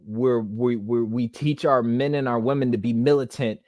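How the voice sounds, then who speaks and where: A man's voice: medium pitch, fairly even intonation, moderate pace, darkish tone, no echo, studio quality. A young man hosting a podcast monologue, rambling with many restarts and holding back tears. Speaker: podcast host. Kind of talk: casual monologue.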